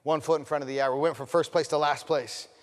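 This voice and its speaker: A man's voice: on the high side, steady tone, fast, big-room sound. Man giving a dramatic stage keynote. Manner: swings between loud, fired-up bursts and hushed, intimate passages; addresses the audience directly with questions. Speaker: motivational speaker. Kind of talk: storytelling keynote speech.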